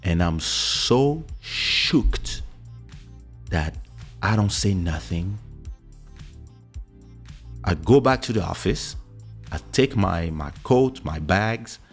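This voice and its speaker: Low-voiced man telling a story. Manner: animated, acts out quoted voices. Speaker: host. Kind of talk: personal storytelling. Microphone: studio podcast mic.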